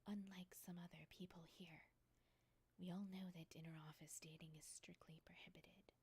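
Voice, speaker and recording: A woman's voice: lowish voice, fairly even intonation, normal speed, darkish tone, slightly rough. A woman voicing a stern, overworked woman office boss in a cold, clipped whispered role-play.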